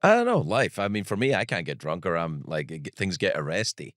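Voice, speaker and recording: A middle-aged man hosting a podcast interview, playful and quick to laugh, teasing his guest with questions. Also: low-pitched, big pitch swings, a bit bright, no room sound, studio quality. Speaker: podcast host. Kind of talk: casual interview chat.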